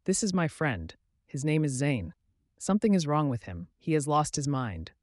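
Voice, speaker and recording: A man's voice: very animated, moderate pace, no echo, clean studio sound. A man voicing a desperate young woman who pleads urgently for her friend, in a scripted storybook narration. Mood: pleading. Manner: pleading, urgent, raised pitch.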